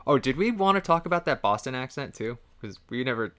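Man, casual film-review podcast host, bright tone, animated, laughs often. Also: mid-range voice, fast. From US East Coast. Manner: animated, laughs often, mimics lines in raised voice. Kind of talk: casual movie-review chat.

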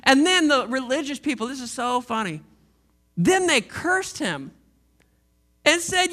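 A man's voice: extremely high pitch, sing-song, unhurried, pauses often, sharp tone. A male pastor giving a sermon in a playful storytelling manner, acting out the scripture with voices.

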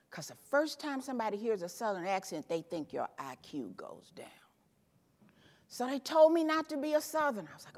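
High-voiced woman speaker in an echoing hall. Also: normal speed. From Tennessee, USA. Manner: animated, emphatic, punchy repeated phrases. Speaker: keynote speaker. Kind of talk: motivational speech. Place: conference hall stage. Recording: echoey hall with long reverb.

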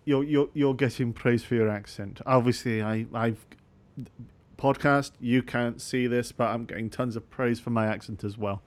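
A man's voice: mid-range voice, steady tone, normal speed. A Scottish man hosting a podcast in casual chat; he is sleep deprived, rambles, corrects himself and fills gaps with "um" and "uh". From Scotland. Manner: rambling, self-mocking, many fillers. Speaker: podcast host.

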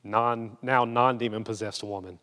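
A young man preaching a sermon in a casual, storytelling way, sometimes lively and sometimes hushed and earnest. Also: on the low side, normal speed, in a large hall.

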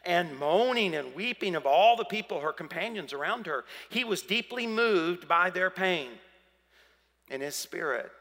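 A man's voice: high-pitched, lively intonation, a little slow, fairly bright tone. A man preaching a sermon as pastor, emphatic and dramatic, acting out the voices of the people in his story. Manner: emphatic, acts out voices of biblical figures. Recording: preaching in a reverberant hall.

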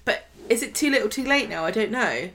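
A woman's voice: fairly high pitch, fairly quick. Opinionated woman podcast co-host. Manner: animated, opinionated, asks rhetorical questions. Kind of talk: casual chat about a soap opera.

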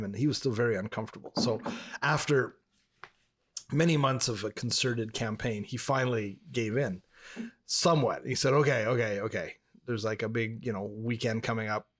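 A man co-hosting a casual podcast, telling a long joke in an animated way and jumping into loud, high voices for the characters. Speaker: podcast co-host.

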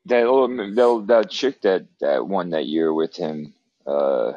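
Jersey-accent co-host, very low voice with swinging pitch, swears freely, dull dry mic. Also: male voice, lively intonation, takes it slowly, mellow, dry recording. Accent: New Jersey. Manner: profane, rambling storytelling. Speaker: podcast co-host. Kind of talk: casual chat.

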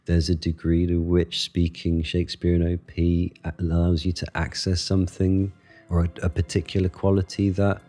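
A man with an extremely deep, husky voice talks through ideas in a relaxed interview. He is thoughtful and expressive, speeding up in bursts and then slowing to pick his words. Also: soft background music. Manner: thoughtful, expressive, quick bursts between pauses. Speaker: actor and guest. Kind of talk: conversational interview answers.

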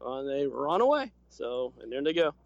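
A man's voice: medium pitch, very animated, moderate pace, vocal fry, dry recording. A man co-hosting a casual chat, explaining things in an easygoing way and laughing often. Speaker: podcast co-host. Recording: dry, dull lo-fi sound.

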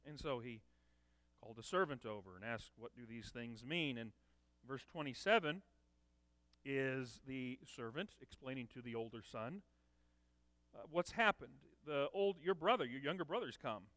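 A man preaching a sermon, emphatic, with loud dramatic peaks. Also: medium pitch, expressive, normal speed, no echo. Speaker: pastor.

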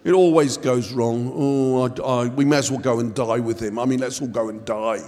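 A preacher doing a gloomy, moaning doubter. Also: male voice, medium pitch, steady tone, moderate pace, a little mellow, voice pushed down, natural voice. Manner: mournful, groaning complaints. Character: gloomy moaning male disciple, always doubting. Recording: long hall reverb.

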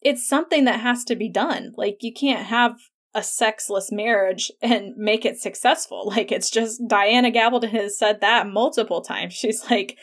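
A woman hosting a podcast, talking through a TV episode in a casual, chatty way, with lots of "like" and quick laughs. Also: on the high side. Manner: chatty and animated, many "like" fillers and laughs. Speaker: podcast host.

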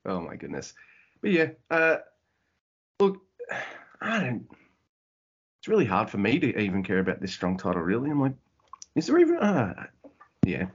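Husky animated podcast guy. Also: lowish voice, normal speed, pauses often. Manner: animated, swearing, acts out quotes. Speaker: podcast co-host. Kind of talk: casual chat. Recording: dull lo-fi audio.

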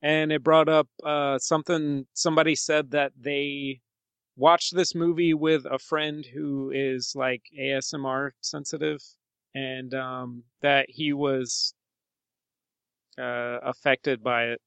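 A man's voice: medium pitch, level tone, takes it slowly, creaky, a bit bright, clear, resonant tone, no room sound. A man co-hosting a podcast, chatting casually about a film with lots of fillers and easy laughs. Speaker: podcast co-host.

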